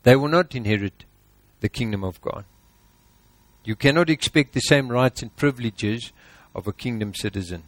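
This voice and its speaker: A man's voice: mid-range voice, moderate pace, no room sound. A man preaching a sermon, emphatic and exhorting, piling up lists.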